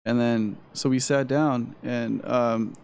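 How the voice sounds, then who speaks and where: A man's voice: medium pitch, slow, creaky, a little hiss or hum. A young man co-hosting a casual podcast chat, telling a story in a loose, profane way. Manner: animated storyteller, swears freely, acts out quoted voices. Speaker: podcast co-host.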